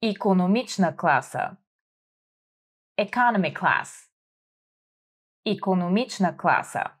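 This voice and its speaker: A woman hosting a vocabulary lesson, speaking slowly and clearly, prompting listeners to repeat words and encouraging them. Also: fairly low pitch, expressive, a little hiss or hum. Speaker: language teacher host. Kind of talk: slow vocabulary drill lesson.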